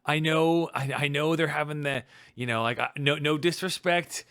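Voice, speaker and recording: A man co-hosting a casual podcast chat, rambling with many restarts and bursts of excitement. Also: fairly high pitch, moderate pace, clear, resonant tone, no room sound, clean studio sound. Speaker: podcast co-host.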